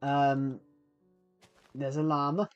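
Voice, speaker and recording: A man's voice: mid-range voice, flat delivery, slow pace, smooth, dry recording, muffled recording, faint music behind. A man live-streaming a game, chatting casually with viewers and often restarting sentences.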